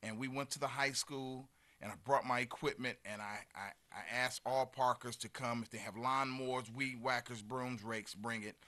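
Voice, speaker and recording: A man's voice: mid-range voice, steady tone, normal speed, pushed and bright. A man in his fifties chatting as a guest, telling earnest community stories with many fillers. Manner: earnest, storytelling, trails off into fillers. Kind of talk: casual chat.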